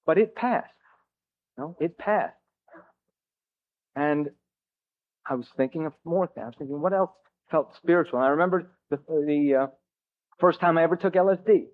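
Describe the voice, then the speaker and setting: A man's voice: fairly high pitch, narrow, tinny audio. Joking man on a thin old tape. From New Jersey, US. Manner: halting, self-mocking, joking. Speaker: speaker at a recovery meeting. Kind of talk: personal recovery story told to a crowd.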